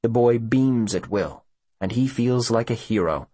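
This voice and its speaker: A man's voice: mid-range voice, expressive, unhurried, warm tone, dry recording. A man narrating an audiobook expressively, giving each character a voice of their own.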